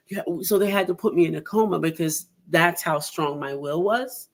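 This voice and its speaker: Animated, laughing woman podcast host. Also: lowish voice, brisk. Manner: animated storyteller who laughs often and acts out quotes. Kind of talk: casual interview chat.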